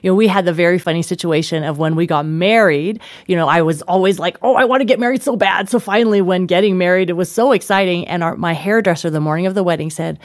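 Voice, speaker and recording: A woman in her thirties, a guest author telling lively anecdotes in an interview, often laughing and acting out voices. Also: on the low side, fast talker, few pauses, no echo, studio quality. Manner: animated, laughing, acts out quoted voices. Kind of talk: conversational interview storytelling.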